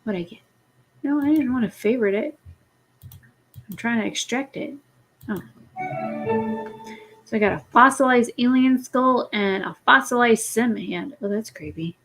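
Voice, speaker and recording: A woman's voice: fairly high pitch, normal speed, pauses often, a bit bright, soft background music. A woman streaming a life-sim game late at night, sleepy and rambling, chatting casually and swearing now and then. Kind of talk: casual gameplay chat.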